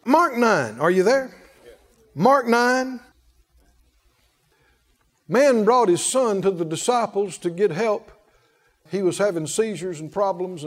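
A man's voice: high-pitched, darkish tone, big-room sound. A man preaching a sermon with emphasis, calling on the congregation to answer him. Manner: emphatic, calls on the congregation to respond.

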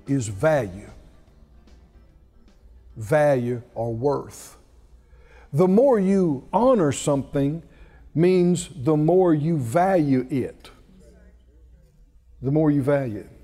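A man's voice: fairly high pitch, dark tone. A male preacher delivering a sermon, telling a story with laughter and rising exclamations. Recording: reverberant hall.

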